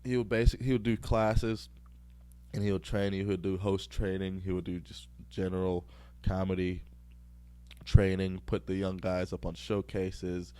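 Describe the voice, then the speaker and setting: A young man rambles through a story on his podcast, swearing freely and chuckling at himself. His voice sits a little low. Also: flat delivery, unhurried, mellow, clean tone, no echo. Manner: profane, rambling, laughs at his own stories. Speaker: podcast host.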